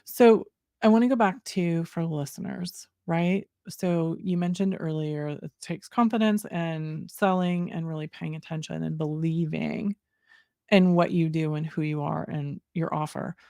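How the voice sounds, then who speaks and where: A woman hosting a podcast interview, asking thoughtful questions in a steady, conversational way. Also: sits low, a little slow, creaky, no echo, clean studio sound. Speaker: podcast host.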